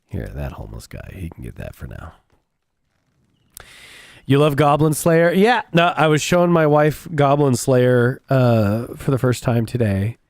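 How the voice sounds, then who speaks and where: Animated man streaming, swinging pitch wildly. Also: a little slow, no echo, clean studio sound. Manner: profane, blunt, rambling. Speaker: game streamer. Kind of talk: casual chat while gaming.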